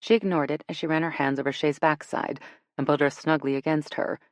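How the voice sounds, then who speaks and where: A woman narrating a romance audiobook in a relaxed, expressive storytelling manner. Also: sits low, fairly quick, dry recording. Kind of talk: scripted narration.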